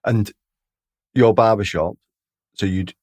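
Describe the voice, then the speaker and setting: A man's voice: fairly low pitch, takes it slowly, a little mellow, dry recording, clean studio sound. A British man hosting a podcast, asking short follow-up questions. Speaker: podcast host. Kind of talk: interviewer.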